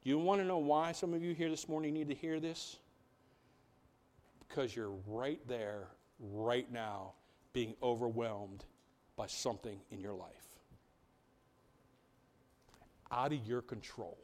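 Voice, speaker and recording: A man's voice: mid-range voice, fairly even intonation, unhurried, darkish tone. A man preaching a sermon in a church, full of rhetorical questions and building emphasis. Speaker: pastor. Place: church sanctuary.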